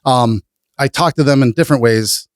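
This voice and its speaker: A man talking as a podcast guest, blunt and animated, swearing freely as he tells stories about his business. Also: mid-range voice, normal speed, no echo, clean studio sound. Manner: blunt, profane, animated storytelling. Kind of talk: casual interview chat.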